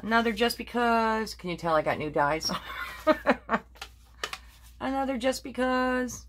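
A woman's voice: fairly high pitch, lively intonation, takes it slowly, background noise. An older woman chatting casually in a crafting vlog, rambling through her projects with many fillers and self-corrections. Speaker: crafting vlogger. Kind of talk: casual show-and-tell chat.

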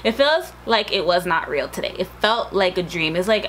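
A woman vlogging with breathless excitement, repeating herself as she talks. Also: medium pitch, moderate pace, a little hiss or hum, low-quality recording. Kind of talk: casual vlog.

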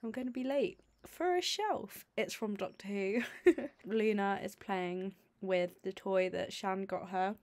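A young woman talks to the camera in a loose, rambling way and laughs often. Her pitch sits at an ordinary middle height for a woman, and she chats like she is talking to a friend. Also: slow pace, a little mellow. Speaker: vlogger. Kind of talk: casual chat to camera.

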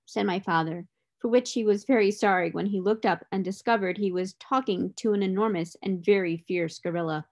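A woman tutor reading a children's storybook aloud in a clear, expressive way. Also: medium pitch, normal speed.

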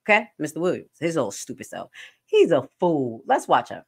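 Woman host, lowish voice, casual animated commentary with loud bursts. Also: normal speed, gravelly, breathy edge. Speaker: commentary streamer; nurse.

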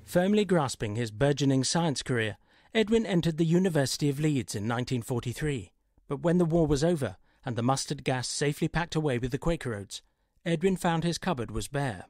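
A man's voice: fairly high pitch, animated, brisk, darkish tone, dry recording, clean studio sound, faint music behind. A man reading scripted documentary narration in a wry, polished way.

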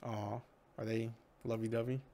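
Relaxed man musing over gameplay. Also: lowish voice, moderate pace, slight background noise. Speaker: let's play gamer. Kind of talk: casual gameplay commentary and story reading.

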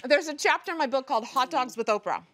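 A woman's voice: high-pitched, animated, quick pace, sharp tone. A woman, a guest author and cook, chatting casually and candidly in a cooking segment, laughing often.

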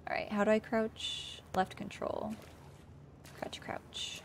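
A woman with a mid-range voice talks at a measured pace and keeps her pitch fairly flat, with a little hiss or hum on the recording. She's livestreaming her own game from a sunny room, chatting casually, poking fun at herself and talking to things on screen.

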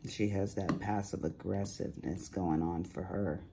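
A woman's voice: very deep voice, steady tone, moderate pace, creaky, noisy background. A middle-aged woman chatting casually while crafting at home, telling sassy stories with big swings in her voice. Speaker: crafting vlogger.

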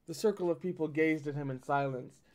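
A man's voice: on the high side, a little fast, a little mellow. A man reading a novel aloud and breaking off to react in a dramatic, swearing manner. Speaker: audiobook reader and reactor.

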